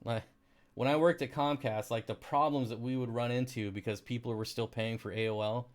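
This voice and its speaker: A man's voice: mid-range voice, steady tone, fairly quick. A man hosting a live stream, chatting casually and rambling through anecdotes with frequent restarts. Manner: rambling storyteller, many restarts and laughs. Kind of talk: casual chat.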